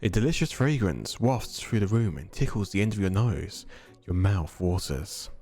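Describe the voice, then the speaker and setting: A man streaming a dating game, reading the narration aloud and tossing in animated, casually profane asides. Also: lowish voice, moderate pace, faint music behind.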